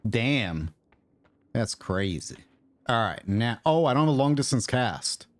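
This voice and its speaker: A gaming streamer talks casually at his desk mic, thinking aloud as he plays and rambling with mutters and asides. His mid-range voice is very animated and a little slow, and the recording is dry.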